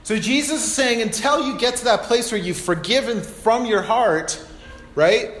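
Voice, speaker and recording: A male pastor with a high voice delivers a sermon in a casual, conversational way, full of asides and rhetorical questions. The room around him is echoey. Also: moderate pace, fairly bright tone.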